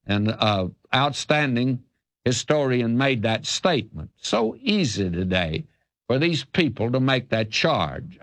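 A man's voice: mid-range voice, fairly bright tone, no room sound. An older man from the South, a radio Bible teacher answering a listener's question in an earnest, emphatic, folksy preacher's cadence. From American South.

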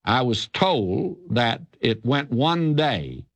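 A man's voice: mid-range voice, very animated, takes it slowly, dry recording. An older man from the South, a radio Bible teacher answering a listener's question in an earnest, emphatic, folksy preacher's cadence. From American South.

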